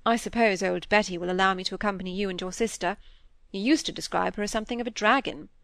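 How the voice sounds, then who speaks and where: A woman voicing a kind, earnest young man who is a scholar, in a gentle and polite audiobook reading. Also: mid-range voice, fast, creaky, no room sound.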